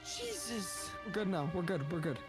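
Excitable shrieking woman gaming. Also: lowish voice, moderate pace, music in the background. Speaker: gaming co-host. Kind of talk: casual gameplay chat.

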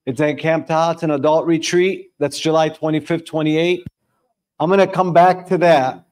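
A young man leading a live group discussion before an audience in a room, telling stories and questioning the room in an animated way. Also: fairly high pitch. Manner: animated, storytelling, quizzing the audience. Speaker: discussion leader.

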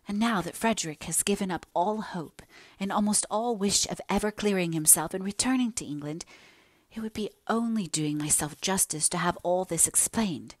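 For an audiobook character reading, a woman plays an earnest young woman full of remorse, pleading emotionally as she confesses. The voice is natural and medium-pitched at a normal pace, captured in a dry recording.

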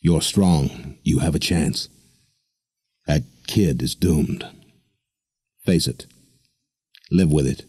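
A man voicing a gruff, blunt, cold loner sailor who speaks tersely. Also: takes it slowly, long pauses, mellow, dry recording, clean studio sound, full character voice. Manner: blunt, terse, gravelly low.

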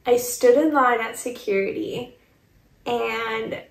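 A woman's voice: on the high side, slow, fairly bright tone, a little hiss or hum. A young woman from Michigan telling a personal story in a casual vlog, getting tearful and laughing through the emotion. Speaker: vlogger. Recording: echoey room.

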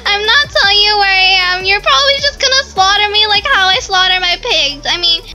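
A woman giving excitable gameplay commentary, full of startled exclamations and giggles. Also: extremely high pitch, brisk. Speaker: gaming YouTuber.

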